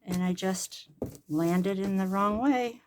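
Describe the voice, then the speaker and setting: Sewing at home, a grandmother and crafting vlogger talks in a slow, medium-pitched voice over slight background noise. She's older, chatty, and rambling, often poking fun at herself.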